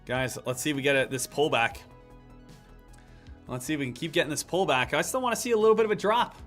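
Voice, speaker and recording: A man hosting a live trading stream, animated and lecturing, talking straight to his chat. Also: a little high, fast talker, faint music behind. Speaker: day trading livestream host.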